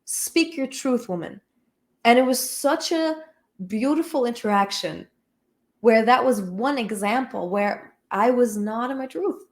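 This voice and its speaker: A woman's voice: fairly high pitch, a little slow. A woman talking candidly as a spiritual healing teacher. Her delivery is frank and emphatic, loose and conversational, with casual swearing mixed in. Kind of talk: candid personal talk.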